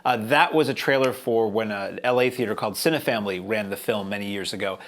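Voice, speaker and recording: A man's voice: fairly low pitch, fast talker, a bit bright. A man hosting a film review show, talking casually in a chatty, wry, rambling way with lots of fillers.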